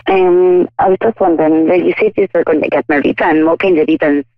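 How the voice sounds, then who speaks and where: Rough-voiced Scottish woman with a cold. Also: lowish voice, fairly even intonation, quick pace. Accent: Edinburgh Scottish. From Scotland. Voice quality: rough, gravelly. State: has a cold. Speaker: caller. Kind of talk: call-in conversation. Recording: dull lo-fi phone line.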